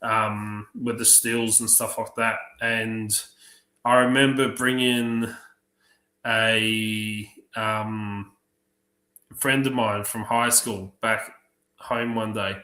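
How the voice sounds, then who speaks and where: A man telling profane, lively stories on a livestream, acting out the other people's lines. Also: lowish voice, takes it slowly. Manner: profane, animated anecdotes acting out other voices. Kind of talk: casual storytelling on a livestream. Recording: roomy echo.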